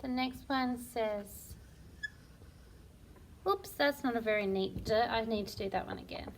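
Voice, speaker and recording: A woman teaching a phonics lesson to young children, sounding out words slowly and praising often. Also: a little high, a little hiss or hum. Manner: slow, sounding out words syllable by syllable; encouraging and praising. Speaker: primary school teacher.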